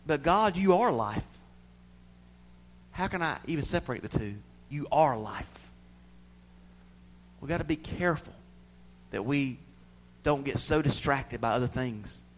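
A middle-aged man preaching a sermon, swinging between loud pleading and soft near-whispers. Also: mid-range voice, a little hiss or hum.

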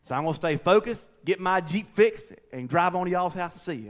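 A middle-aged man preaching a folksy, conversational sermon, swinging between loud and quiet. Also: high voice, big pitch swings, moderate pace. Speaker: pastor.

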